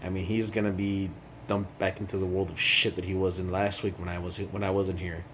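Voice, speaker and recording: A man's voice: deep voice, level tone, fairly quick, fairly bright tone, slight background noise. A man chatting casually in a vlog, rambling and swearing freely, indoors at night while away on a work trip. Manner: rambling and profane. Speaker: vlogger.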